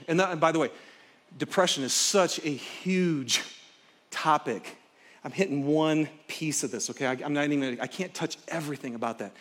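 A middle-aged male pastor delivering a sermon to a live congregation, his voice sitting noticeably high for a man. He tells stories vividly, rising loud and animated, then dropping to near-hushed intensity to drive a point home. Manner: expressive storyteller, swings from loud excitement to hushed intensity. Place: stage before a live congregation.

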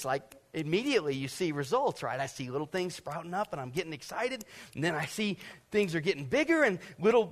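Guy with a higher voice preaching on stage, lots of stories, acts stuff out with little sound effects, from georgia. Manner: animated storytelling, acts out scenes and sound effects. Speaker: pastor. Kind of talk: sermon with personal stories. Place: stage before a live congregation.

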